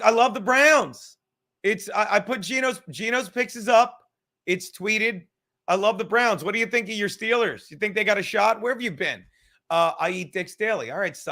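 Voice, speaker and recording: Guy hosting a stream, talks kinda high, rambles and swears a ton, reads out chat comments. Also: bright, forceful tone. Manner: rambling, profane, reading chat comments aloud. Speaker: podcast host. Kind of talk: casual livestream chat.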